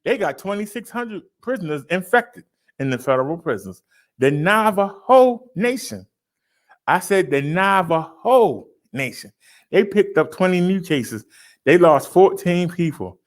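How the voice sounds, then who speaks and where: Brief: livestream host, male, raised pitch, dramatic announcer delivery, chatty with the audience. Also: animated. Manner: showy, drawn-out announcing with loud punches; chatty, addresses viewers as y'all. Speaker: livestream host reading daily stats. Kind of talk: casual livestream chat.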